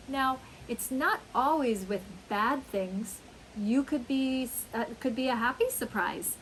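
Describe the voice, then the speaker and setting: A woman teaching an English lesson, speaking slowly and acting out example phrases with big, dramatic exclamations. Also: a little high, lively intonation, fairly bright tone, slight background noise, rough recording. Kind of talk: slow, emphatic English lesson.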